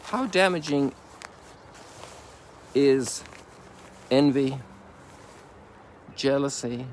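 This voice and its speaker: A man's voice: mid-range voice, drawn-out words, darkish tone, a little hiss or hum. An Irish priest in his sixties gives an informal, rambling spoken reflection outdoors, with folksy asides. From Ireland. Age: 60s. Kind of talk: informal reflective sermon while walking. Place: outdoors on a sunrise walk.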